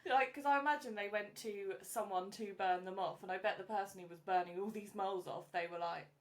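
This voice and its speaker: A woman's voice: mid-range voice, fairly quick. A woman co-hosting a podcast in casual chat, cracking jokes and laughing at her own lines. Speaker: podcast co-host.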